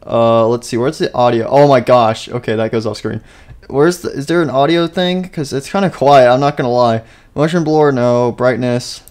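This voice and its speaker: A man's voice: mid-range voice, normal speed, darkish tone. A young man casually commenting on his own gameplay, chatty, talking to himself and startled easily. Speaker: gaming YouTuber. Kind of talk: casual let's-play commentary.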